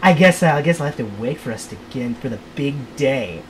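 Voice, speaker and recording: A woman's voice: a bass voice, expressive, fairly quick, a little hiss or hum. A woman voicing a doting, possessive sorceress bride who talks in syrupy pet names.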